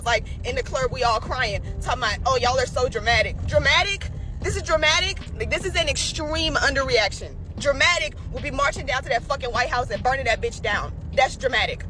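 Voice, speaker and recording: A woman venting on social media, swearing and incredulous. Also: high-pitched. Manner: fast, profane, incredulous. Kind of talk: upset social media rant.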